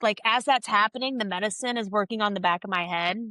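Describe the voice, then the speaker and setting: A woman guest on a podcast, candidly telling a personal story in a casual, animated way and reenacting conversations as she goes. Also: mid-range voice, fast talker, dry recording.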